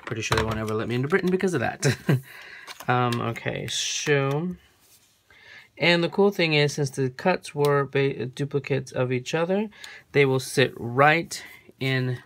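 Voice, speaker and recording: Gravelly-voiced crafter, chatty and self-correcting. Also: medium pitch, measured pace, fairly bright tone, slight background noise. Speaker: craft tutorial host. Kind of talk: casual hands-on craft demo. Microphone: camera framing a work surface.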